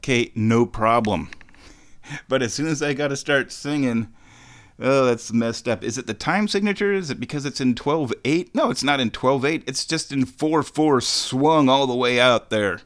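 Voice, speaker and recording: A man's voice: mid-range voice, measured pace, a bit bright, clean tone. Easygoing, rambling male radio host. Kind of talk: casual solo radio talk.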